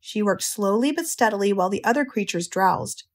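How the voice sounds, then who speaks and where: An American woman narrating an audiobook in a calm, measured, gentle storytelling manner. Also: medium pitch.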